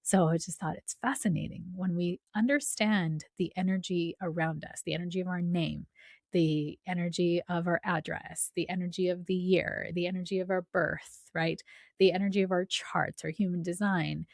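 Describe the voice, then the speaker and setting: A woman's voice: fairly low pitch, steady tone, normal speed, creaky, a little mellow, no echo, studio quality. A woman hosting a spiritual podcast in a casual, chatty way, often checking in with "right?". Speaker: podcast host and coach.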